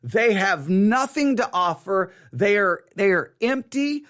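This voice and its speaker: A man's voice: sits high, expressive, slow pace, fairly bright tone. A man leading a Bible study, teaching earnestly, often restarting his sentences and hammering points through repetition.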